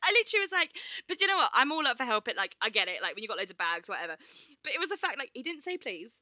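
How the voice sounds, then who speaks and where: A woman's voice: fairly high pitch, big pitch swings, very fast, sharp tone, no room sound, clean studio sound. A woman co-hosting a casual chat, telling stories with swearing and acted quotes. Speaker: podcast co-host and performer.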